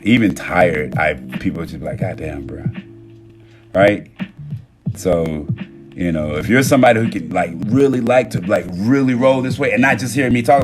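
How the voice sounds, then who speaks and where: A man talking casually about love and energy on a phone live stream, animated and profane, swinging between loud bursts and low murmurs. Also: moderate pace. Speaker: TikTok live host. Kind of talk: casual motivational monologue. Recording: music playing clearly behind.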